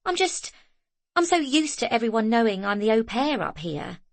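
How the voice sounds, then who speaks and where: A woman voicing a lively young single mother in an audiobook, bright and animated. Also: fairly high pitch, moderate pace, no room sound, voice pushed up. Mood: flustered.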